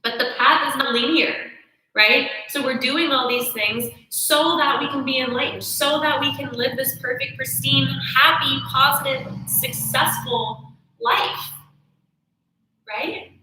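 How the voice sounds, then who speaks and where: A young woman teaching yoga philosophy in a casual, animated way, often checking in with "right?". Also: high-pitched, measured pace, heavy reverb, low-quality recording. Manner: animated storytelling with self-quotes, frequent "right?".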